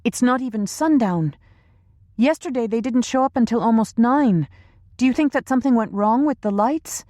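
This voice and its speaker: A woman's voice: a little high, lively intonation, normal speed, a little mellow, dry recording, voice pushed up, lightly acted. Brief: a woman as an uneasy young heroine in a thriller audiobook, dry close sound. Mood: worried. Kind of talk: audiobook character reading.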